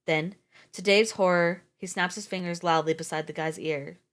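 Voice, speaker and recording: A woman's voice: lowish voice, steady tone, normal speed, fairly bright tone. A woman streamer reading a story aloud live, breaking off for casual, swearing asides.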